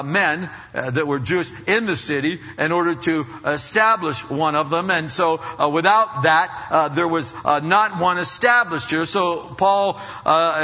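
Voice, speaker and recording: A man's voice: high voice, sharp tone, long reverb tail, dull audio. A man preaching a sermon in a folksy, conversational way, full of fillers and restarts. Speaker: pastor.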